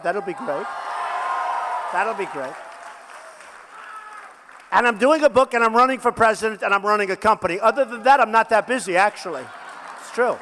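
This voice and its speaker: A man's voice: high voice, sharp tone, slight background noise. An older man giving a rally speech as a political candidate, boastful and repetitive, talking off the cuff from a podium microphone in a large hall. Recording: echoey rally hall reverb.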